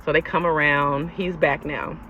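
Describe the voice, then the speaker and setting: A young woman telling a personal storytime to her viewers in a casual, animated and exasperated way. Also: low-pitched, normal speed, soft background music. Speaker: storyteller vlogger. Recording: lo-fi with faint background noise.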